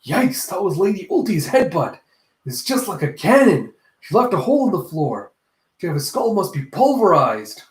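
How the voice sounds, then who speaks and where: A man voicing smug, excitable pirate grunts who taunt their enemies. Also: on the high side, unhurried. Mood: excited. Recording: echoey room.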